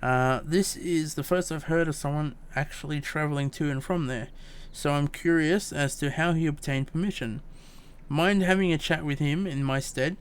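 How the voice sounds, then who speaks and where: A man's voice: on the high side, moderate pace, clear, resonant tone, lightly acted. A man reading game dialogue aloud as a fussy, long-winded young woman scholar, stumbling over words. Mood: prim.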